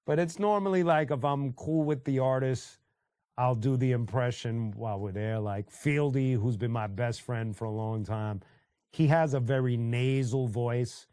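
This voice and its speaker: A laid-back man hosts a casual music livestream from a home setup, chatting loosely and greeting people in the chat. He speaks at a middle pitch, and his voice sits close and dry on the mic with no room sound around it. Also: measured pace, mellow, clean tone, no room sound. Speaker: livestream host reading chat.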